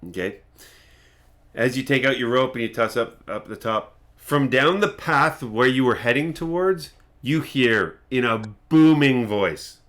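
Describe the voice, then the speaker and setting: Dude gm narrating slow, lots of ums and uhs, bright voice. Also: male voice, medium pitch, lively intonation. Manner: hesitant, many fillers, laughs often. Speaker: game master. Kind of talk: narrating a tabletop game.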